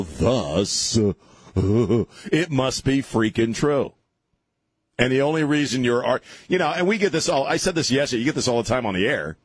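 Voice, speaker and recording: A man's voice: medium pitch, slightly rough, no room sound. A man hosting talk radio, ranting sarcastically through an opinionated monologue and often restarting his sentences.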